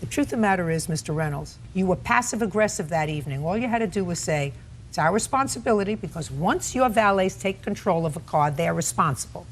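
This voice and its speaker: A woman presiding as a TV court judge, sharp and scolding, who cuts people off constantly. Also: lowish voice, animated, fairly quick, few pauses, slight background noise. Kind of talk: courtroom TV show. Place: TV courtroom set.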